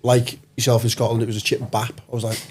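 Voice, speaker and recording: A man's voice: mid-range voice, flat delivery, quick pace, darkish tone, husky. A man from northwest England co-hosting a podcast, trading cheeky, jokey banter in casual chat. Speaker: podcast co-host.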